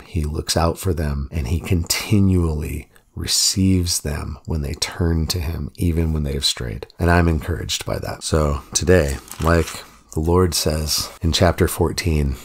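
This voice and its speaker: Low gravelly-voiced pastor, earnest and conversational. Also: male voice. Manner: earnest, conversational preaching with reflective asides. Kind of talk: Bible reading reflection.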